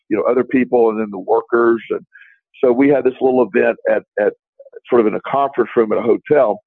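Gravelly-voiced man telling a story. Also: mid-range voice, no room sound. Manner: rambling, restarts, animated retelling of quoted dialogue. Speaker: podcast co-host. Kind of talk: casual storytelling chat. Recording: dry, tinny phone-like line.

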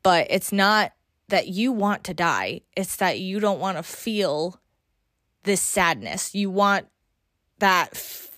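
A woman speaking alone on her podcast, open and confessional as she works through recent feelings, cursing freely. Her voice sits at an ordinary pitch and the recording is close and dry, with no room sound around her. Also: expressive, slow pace, fairly bright tone, dry recording. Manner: emotional, confessional, swearing casually. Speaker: podcast host. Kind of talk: personal monologue podcast.

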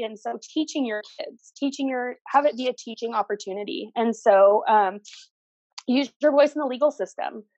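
A middle-aged woman shares her story as a podcast guest in an earnest, emphatic way, driving points home by repeating them. Her voice sits a little high. The sound is dry and close. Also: moderate pace, darkish tone, no echo, highs cut off. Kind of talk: personal storytelling interview.

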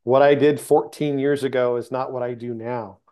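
A man's voice: medium pitch, fairly even intonation, normal speed, mellow, smooth. Earnest male podcast guest. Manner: earnest, searching for words, with many restarts. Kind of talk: casual faith conversation.

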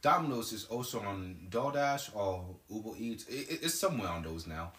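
A man's voice: fairly low pitch, lively intonation, moderate pace, a bit bright. A young man chatting casually with friends on a podcast, often stammering and repeating words as he starts a sentence. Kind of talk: casual chat among friends. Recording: roomy echo.

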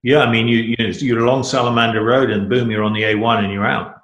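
A man's voice: medium pitch, fairly even intonation, fast, fairly bright tone. A middle-aged man chatting as a guest in a casual conversation, enthusiastic and rambling, with many restarts. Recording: echoey room.

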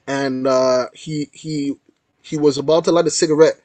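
A man's voice: a little high, moderate pace, no echo. A young man, a guest artist, telling a story in a casual, slangy interview style. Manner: animated storyteller, slangy with frequent "yo" and "like".

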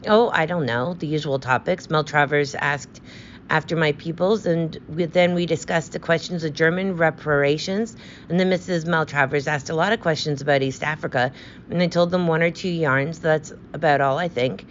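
Woman doing a young army guy, easygoing short answers, low voice, bit of hiss. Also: normal speed, muffled recording, natural voice. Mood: offhand. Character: young male soldier back from abroad, plain and obliging.

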